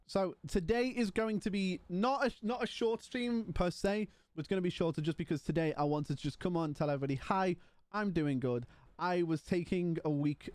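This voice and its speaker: A man's voice: high voice, fairly even intonation, a little fast, few pauses, a little mellow, no room sound. A man livestreaming from home, chatting casually and rambling while yawning and tired. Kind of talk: casual stream chat.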